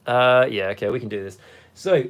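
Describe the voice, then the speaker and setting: A young man hosting a hobby livestream, his voice worn hoarse from hours of talking, rambling casually as he reads out chat comments. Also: medium pitch, normal speed.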